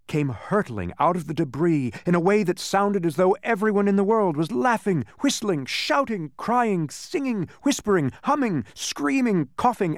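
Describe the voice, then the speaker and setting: A man narrating a storybook in an expressive, sing-song reading. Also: high voice, no echo, clean studio sound.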